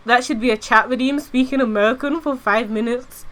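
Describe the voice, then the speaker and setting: A woman's voice: a little high, fairly even intonation, a little fast, a bit bright. A woman streaming casually as a VTuber, rambling and giggly, swearing casually. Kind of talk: casual livestream chat.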